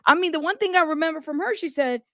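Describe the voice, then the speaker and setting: A woman hosting a livestream, giving animated, exasperated commentary on a trial. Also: very high-pitched, fast talker, dry recording, studio quality. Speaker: livestream host. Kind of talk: live commentary.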